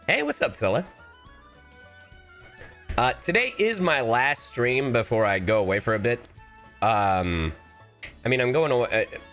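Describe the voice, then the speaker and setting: A male streamer talks in a relaxed, joking way, his lowish voice swinging up and down a lot as he rambles. He sounds a little under the weather, with faint game music playing underneath. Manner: playful, goofy asides and repeated phrases. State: slightly sick, coughing. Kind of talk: casual live-stream chat.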